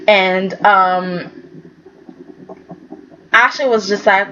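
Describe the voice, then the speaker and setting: A fairly high-pitched woman talks through a soap opera episode in a relaxed, chatty way. She keeps tagging her sentences with "okay?" as she retells each scene. The sound is dull and lo-fi, with a faint hiss underneath. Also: a little slow. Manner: chatty, retells scenes as loose quoted dialogue with many "okay?" tags. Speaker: soap opera recap vlogger. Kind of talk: casual chat recapping an episode.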